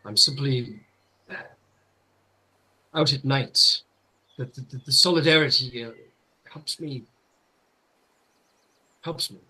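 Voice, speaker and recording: A man's voice: mid-range voice, slow, pauses often, bright, forceful tone, husky, heavily acted, low-quality recording. A man voicing a proud, defensive grieving villager who stammers in indignation. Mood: flustered.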